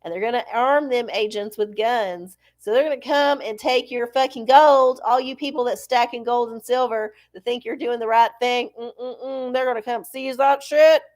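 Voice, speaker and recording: A woman's voice: on the high side, darkish tone. Chatty, blunt woman. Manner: chatty, blunt and profane, with drawn-out asides. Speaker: host of a live oracle stream. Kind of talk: casual livestream chat.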